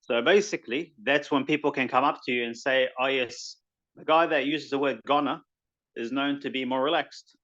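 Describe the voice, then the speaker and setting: A man's voice: mid-range voice, normal speed, fairly bright tone, dull audio. A man with a New Zealand accent teaching a tajweed class online in a casual, rambling way, now and then reciting Arabic verses. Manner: informal, rambling explanations with recited Arabic phrases.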